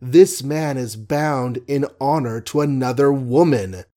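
A man reading a novel aloud as an audiobook narrator, measured, wry and ornate. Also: mid-range voice, dark tone.

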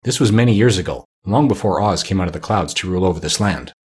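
A man's voice: low voice, fast talker, husky. A man voicing the proud king of the winged monkeys, telling a long tale in a storybook reading. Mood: storytelling.

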